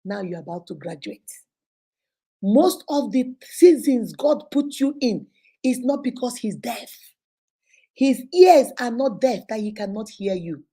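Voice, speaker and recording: A middle-aged Nigerian woman, a teacher and host, giving an animated, preachy motivational talk sprinkled with Igbo phrases. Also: a little high, unhurried, husky.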